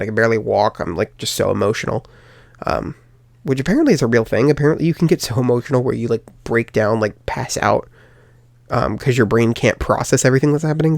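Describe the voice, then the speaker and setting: A man's voice: medium pitch, creaky, no echo, studio quality. A young man hosting a podcast, telling a personal story in a rambling way, with many fillers and restarts. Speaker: podcast host.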